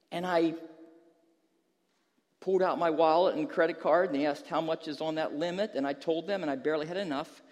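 A man's voice: on the high side, darkish tone, long reverb tail. A male pastor preaching a sermon, telling a humorous story and then pressing an emphatic question to the listeners.

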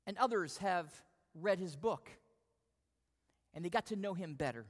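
A man preaching a sermon, telling a lively self-deprecating personal story before drawing the lesson. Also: sits high, measured pace. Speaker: pastor. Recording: long hall reverb.

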